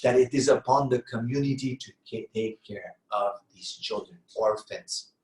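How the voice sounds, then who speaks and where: A man's voice: mid-range voice, normal speed. Earnest man preaching in an echoey room. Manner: earnest, rhetorical questions and answers. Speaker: Islamic lecturer. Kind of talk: sermon-style talk on parenting.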